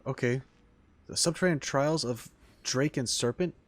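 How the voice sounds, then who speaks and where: A man streaming a game in casual let's-play commentary, excitable and rambling, talking to his viewers. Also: medium pitch, moderate pace. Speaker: gaming streamer. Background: faint game music.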